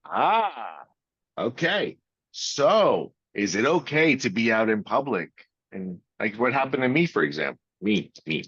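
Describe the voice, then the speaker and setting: A man in casual podcast chat, talking bluntly with lots of swearing and drawn-out pauses. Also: mid-range voice, very animated, fairly bright tone, breathy edge, no room sound. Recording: dry, dull lo-fi sound.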